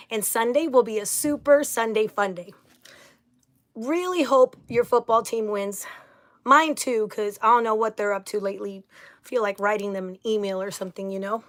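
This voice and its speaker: A bubbly woman hosts a casual livestream, greeting viewers by name in an upbeat, gushing way. Her voice sits a touch high for a woman. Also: fairly bright tone. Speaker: livestream host.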